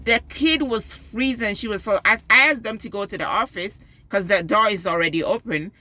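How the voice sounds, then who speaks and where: A woman with a bright, forceful voice retells a story with lively emphasis. She is a school parent giving personal advice to her viewers, in the middle of her pitch range. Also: moderate pace. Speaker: parent and PTO volunteer.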